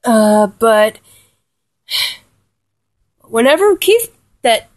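A woman's voice: medium pitch, slow, long pauses. A young woman talking casually and rambling about music she loves, giggling often and restarting her sentences. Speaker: music fan vlogger.

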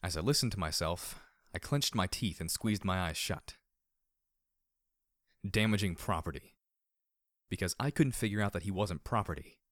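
A man with a low, fairly deep voice narrates a first-person story in a reflective tone, with a dry, sardonic edge. The recording is close and dead, with no room sound at all. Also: lively intonation, normal speed, pauses often, a bit bright, dry recording. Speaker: audiobook narrator.

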